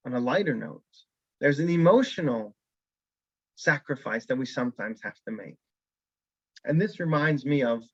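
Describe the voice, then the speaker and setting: A man's voice: mid-range voice, slightly rough, dry recording, dull audio. A man teaching a weekly Torah class as a rabbi, telling a story and acting out the characters' lines. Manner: animated storyteller who acts out characters' lines.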